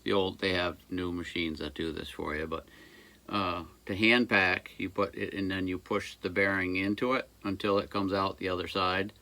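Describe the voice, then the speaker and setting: A man's voice: deep voice, little pitch movement, normal speed, pushed and bright. A man who runs a small engine repair shop, giving a casual, rambling how-to with jokey asides while he works at his bench. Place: workshop by a busy road.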